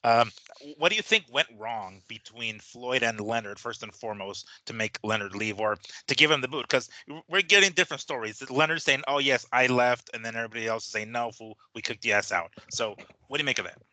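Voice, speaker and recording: A man's voice: mid-range voice, brisk, hardly any pauses, bright, forceful tone, no room sound, low-quality recording. A man co-hosting a boxing podcast in casual chat, mostly asking questions and laughing along. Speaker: boxing show co-host.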